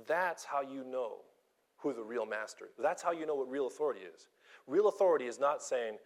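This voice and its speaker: A man preaching a sermon with strong emphasis, sometimes dropping to a soft whisper. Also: on the high side, expressive, brisk. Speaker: pastor.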